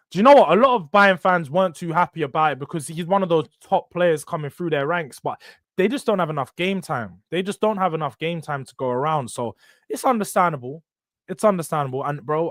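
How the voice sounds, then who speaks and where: A man's voice: on the high side, no echo, studio quality. A young man hosting a live football stream, ranting animatedly with slang and swearing. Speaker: football channel host.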